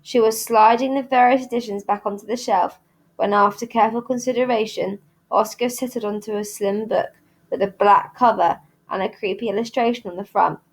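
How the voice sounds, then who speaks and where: A woman reads a children's novel aloud. Her storytelling is clear and steady, and her voice sits a little high. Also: brisk. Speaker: reader at a school.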